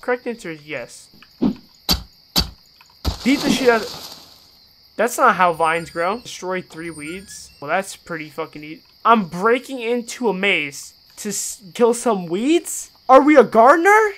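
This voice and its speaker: A man giving profane, sarcastic let's-play commentary on a horror game, moving between low mutters and panicked yells. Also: expressive, a little slow. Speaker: gaming YouTuber.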